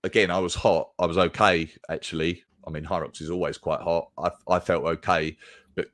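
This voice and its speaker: An English man with a deep voice, chatting casually as a podcast guest, rambling with frequent restarts. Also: brisk, no echo, clean studio sound. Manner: relaxed, rambling casual chat with many restarts. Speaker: podcast guest and race commentator.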